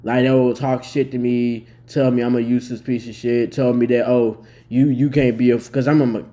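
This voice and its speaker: A man's voice: medium pitch, level tone, normal speed, warm tone. A man in his twenties giving blunt, heavily profane casual commentary as a vlogger. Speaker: vlogger reacting to a news story.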